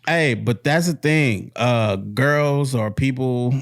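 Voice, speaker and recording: A man's voice: mid-range voice, slow pace. A man co-hosting a podcast who talks in a laid-back, casual way, agrees often and swears freely. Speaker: podcast co-host. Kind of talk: casual chat.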